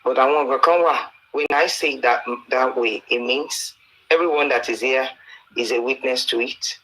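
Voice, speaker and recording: Earnest Nigerian male preacher, bright and pleading, recorded as a dull lo-fi voice note. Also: mid-range voice, moderate pace. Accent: Nigerian, Yoruba-speaking. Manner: earnest, pleading, preachy, with Bible quotes and stories. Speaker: preacher addressing a campaigner. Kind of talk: exhortation mixing English and Yoruba.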